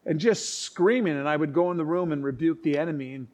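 A man preaching, telling stories in an earnest, halting way with many restarts and acted-out quotes. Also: on the high side, darkish tone. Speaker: pastor. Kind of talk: sermon storytelling.

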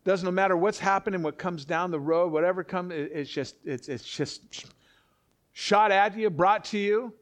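Male pastor, middle-aged, conversational sermon delivery with asides, slightly higher-pitched voice. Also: moderate pace. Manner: animated, conversational preaching with asides and repetitions.

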